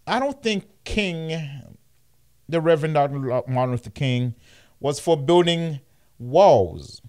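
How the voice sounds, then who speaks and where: A male radio host delivering casual commentary in an animated, mocking way and laughing often. His voice sits high and jumps around a lot, and he talks slowly and deliberately. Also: clear, resonant tone.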